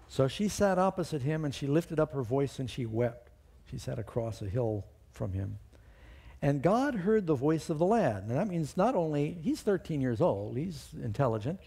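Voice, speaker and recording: A man's voice: medium pitch, big pitch swings, normal speed, warm tone, husky. A man preaching a sermon, retelling scripture and a personal story, reading verses aloud with rising emphasis.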